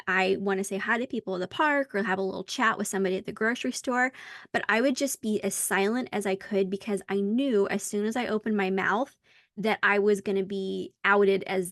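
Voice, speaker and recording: An American woman hosting a casual podcast conversation, telling stories in a lively way and acting out the dialogue. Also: mid-range voice, brisk, no echo, studio quality. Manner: animated storyteller who acts out dialogue. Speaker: podcast host.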